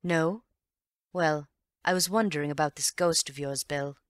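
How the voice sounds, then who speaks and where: A woman reading an audiobook and voicing a calm, wry gentleman amateur detective who reasons in an unhurried, teasing way. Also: low-pitched, no echo, studio quality. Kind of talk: audiobook character voice.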